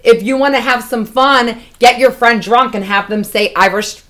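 A woman's voice: fairly high pitch, moderate pace, a bit bright. A woman co-hosting a casual podcast, rambling chattily and swearing often. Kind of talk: casual chat.

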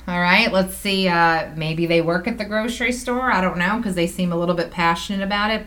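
A woman's voice: fairly low pitch, a bit bright. A woman hosting a casual podcast chat, reading submissions and hedging as she argues the other side. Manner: hedging, plays devil's advocate. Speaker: podcast host.

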